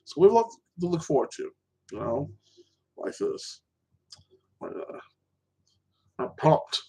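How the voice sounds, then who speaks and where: Rambling excitable man chatting casually. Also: on the high side, measured pace, vocal fry, husky. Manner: rambling, keeps tagging "like that"; animated, excitable. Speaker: show host. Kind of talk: casual solo chat about TV shows and fights.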